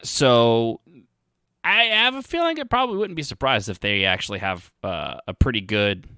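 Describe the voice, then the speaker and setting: A man's voice: medium pitch, very animated, moderate pace, bright, forceful tone, clean tone, dry recording, clean studio sound. A man hosting a podcast, rambling through casual commentary with sarcastic asides and frequent restarts. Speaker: podcast host.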